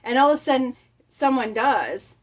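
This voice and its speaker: A middle-aged woman giving a casual motivational talk, chatty and animated, often laughing and acting out little quotes. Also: high voice, moderate pace. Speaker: motivational vlogger.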